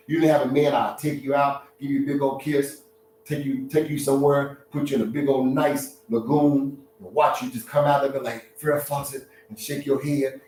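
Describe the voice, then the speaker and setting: Joking, laughing frequently and doing voices, a social media talk host runs a casual live-stream monologue. His voice is medium-pitched and darkish, picked up in an echoey room far from the mic with a little hiss or hum.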